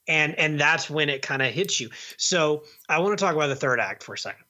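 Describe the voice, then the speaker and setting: Male podcast co-host, casual and rambling, a bright and forceful voice. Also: on the high side, fast talker, hardly any pauses. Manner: rambling, with many restarts and repeated words. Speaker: podcast co-host reviewing movies. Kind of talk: casual chat.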